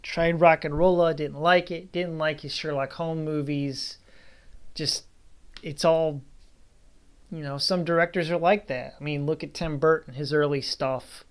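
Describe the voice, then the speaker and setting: A man's voice: a little high, steady tone, measured pace, clean tone. A man giving a casual spoken movie review, rambling and bluntly dismissive, with frequent asides.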